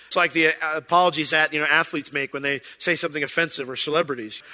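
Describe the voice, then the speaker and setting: Male pastor, conversational sermon, somewhat high, very bright forceful tone. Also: steady tone, fast talker, long reverb tail. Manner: conversational, acts out quoted voices.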